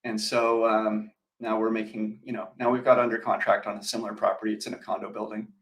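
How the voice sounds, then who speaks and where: A man's voice: on the low side, flat delivery, quick pace, a bit bright, low-quality recording. A man co-hosting a real estate show in casual chat, rambling with fillers and restarts. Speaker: real estate agent, co-host.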